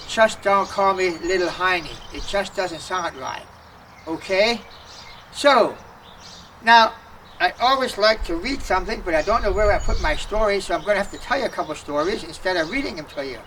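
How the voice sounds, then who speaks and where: A man's voice: sits high, moderate pace, sharp tone, a little hiss or hum. A man performing a folksy comic stage monologue at an outdoor folk festival, joking and mixing in dialect phrases. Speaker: festival entertainer. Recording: distant outdoor festival recording.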